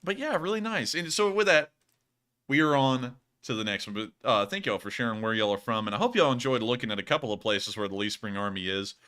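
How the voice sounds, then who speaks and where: A man's voice: mid-range voice, fast. A man hosting a casual livestream, joking and saying "y'all". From Alabama, US. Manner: joking, animated, drawling "y'all". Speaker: host.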